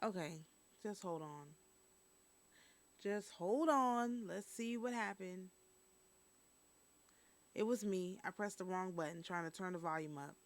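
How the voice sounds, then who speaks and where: A woman's voice: lowish voice, slow, pauses often. Chatty woman hosting a news stream. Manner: chatty, talks straight to viewers with "y'all". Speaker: host of a news and review stream. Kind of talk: casual news commentary.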